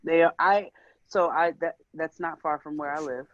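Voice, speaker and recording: A man's voice: fairly high pitch, fairly even intonation, moderate pace, dry recording. Male podcast co-host, emphatic storyteller, lo-fi dry sound. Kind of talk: casual podcast conversation. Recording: dull lo-fi dry recording.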